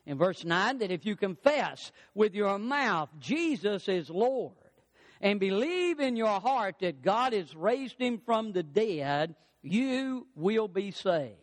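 Older male pastor, very high voice, emphatic preaching cadence. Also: very animated, slow. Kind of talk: sermon.

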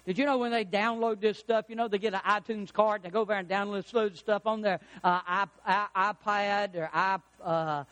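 A middle-aged preacher with a high-pitched voice. He tells homely stories in a relaxed, folksy way and builds to emphatic peaks to drive his points home. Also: a little fast, few pauses, poor audio. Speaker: pastor. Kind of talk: sermon.

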